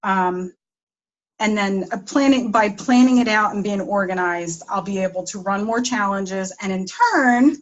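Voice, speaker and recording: A woman's voice: mid-range voice, measured pace, highs cut off. A woman with a New Jersey accent, a guest coach sharing tips in a chatty way full of fillers. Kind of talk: casual talk sharing tips.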